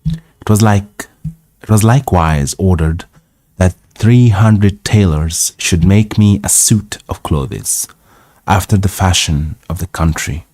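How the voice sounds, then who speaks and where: A man with a very low voice, a native Arabic speaker, reads an old novel aloud at a slow, deliberate pace. He goes back over phrases and sounds out unfamiliar words. The sound is dry and close, with no room echo. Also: a little mellow. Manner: careful, repeats words and sounds out hard ones. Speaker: host of a live English reading stream. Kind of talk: reading a classic novel aloud for practice.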